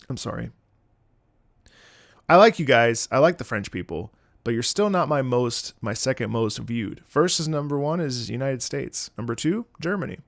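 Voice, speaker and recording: Gravelly young man rambling on stream. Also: medium pitch, lively intonation, measured pace, pauses often, no echo. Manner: rambling, laughing, swearing freely. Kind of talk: casual live-stream chat.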